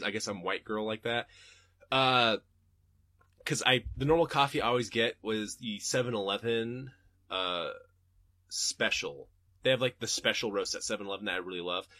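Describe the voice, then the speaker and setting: A young man hosting a podcast, answering listener questions in a casual, profane, animated rant from his home desk. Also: mid-range voice, no echo, clean studio sound.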